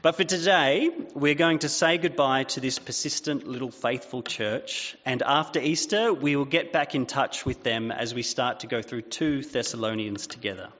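Male pastor, 30s, relaxed anecdotal sermon delivery; muffled recording with big hall reverb. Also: medium pitch, moderate pace, few pauses. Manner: chatty, self-deprecating storytelling with fillers. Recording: dull sound with long hall reverb.

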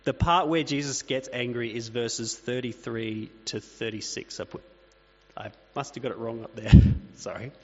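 A man's voice: mid-range voice, a bit bright. Man preaching plainly in a reverberant hall. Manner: conversational, plain-spoken preaching with asides. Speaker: pastor. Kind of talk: sermon. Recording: dull reverberant hall recording with mains hum.

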